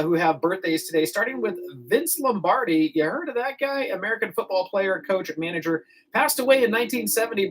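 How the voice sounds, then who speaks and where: Chatty middle-aged male radio host. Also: high-pitched. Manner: chatty, rambling, animated with laughs. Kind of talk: casual morning radio chat.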